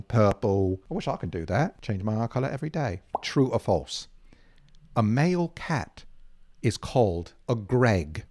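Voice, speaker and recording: A young man hosting a kids' trivia game as a camp counselor, goofy, playful and self-mocking. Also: on the high side.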